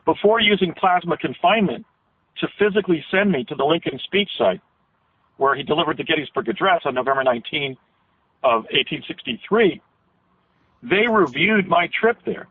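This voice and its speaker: A man's voice: fairly high pitch, expressive, normal speed, slightly rough. Man talking over a tinny phone line. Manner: long rambling recollections with frequent restarts. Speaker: interview guest. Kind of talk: radio interview storytelling.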